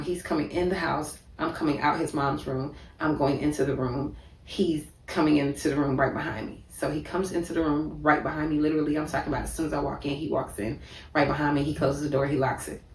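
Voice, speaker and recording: Low-voiced woman retelling a story. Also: steady tone, fairly quick. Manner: vivid, repetitive retelling with many fillers. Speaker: vlogger. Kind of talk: personal storytelling. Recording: echoey room, distant mic.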